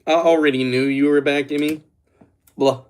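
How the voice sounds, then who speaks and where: A man's voice: on the high side, steady tone, normal speed, a little mellow, clear, resonant tone. A young man livestreaming, rambling and joking as he talks straight to his chat. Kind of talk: casual livestream chat with viewers.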